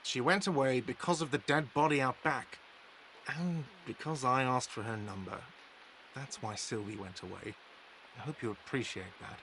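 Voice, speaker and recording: A man's voice: medium pitch, normal speed, a bit bright, slight background noise, lightly acted. Man voicing a grumpy, curt cafe manager. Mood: grumbling. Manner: curt, defensive, grumbling. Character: irritable, weary male cafe manager. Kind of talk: video game voice acting.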